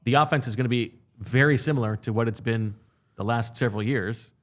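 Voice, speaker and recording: A man's voice: medium pitch, fairly quick. A man co-hosting a casual sports podcast, chiming in with wry, short remarks. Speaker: sports reporter co-host.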